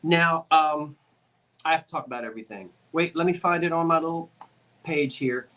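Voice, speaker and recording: A woman's voice: deep voice, moderate pace, fairly bright tone. A woman with a South Jersey accent hosting a live-stream antiques auction, chatty and folksy, laughing easily as she talks up each item.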